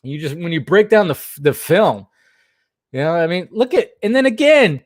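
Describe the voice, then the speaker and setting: A man giving casual live commentary on film footage as an online host, animated and exclamatory, swearing freely as he talks. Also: high voice, moderate pace, dry recording, studio quality.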